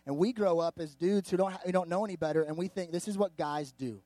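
A youth pastor man preaching with bouncy, conversational energy, his voice sitting notably high for a man. The sound is dry and close, with no room echo. He slips into quick acted-out quotes and talks straight to the crowd. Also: dark tone. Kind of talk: sermon.

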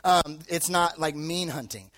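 A young male preacher with a notably high voice speaks to a live crowd. He tells a loose, joking story and leans heavily on filler words as he rambles toward his point. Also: measured pace, a bit bright. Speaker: youth preacher. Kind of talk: casual sermon with personal story. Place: live talk before an audience.

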